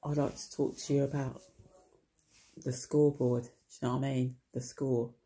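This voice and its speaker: A woman's voice: rumbling low, level tone, normal speed, warm tone. A woman tells a rambling comic story to camera, chatty and wry, swearing casually and peppering it with tag questions. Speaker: vlogger.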